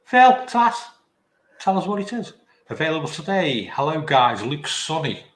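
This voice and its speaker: A man's voice: on the high side, sing-song, moderate pace. A man hosting a live show, reading viewer comments in a chirpy, bantering way. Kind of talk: casual live-stream chat. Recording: roomy echo.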